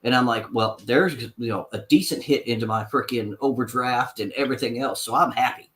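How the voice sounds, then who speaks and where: A man spins a long, winding story with plenty of swearing. His voice sits at an ordinary pitch, and he slips into the voices of the people he quotes. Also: fairly quick, a bit bright. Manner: long-winded anecdote, swearing, acts out quotes. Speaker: podcast co-host. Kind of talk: casual storytelling.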